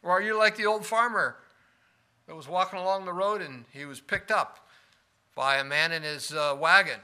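Male preacher, bright and a bit high, dynamic sermon delivery with questions to the congregation. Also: moderate pace, smooth. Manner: swings between loud emphasis and quiet asides, asks the room questions.

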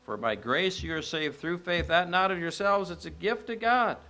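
A man preaching a sermon as a pastor, telling stories and asking rhetorical questions, rising to emphatic peaks and dropping low and quiet. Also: moderate pace.

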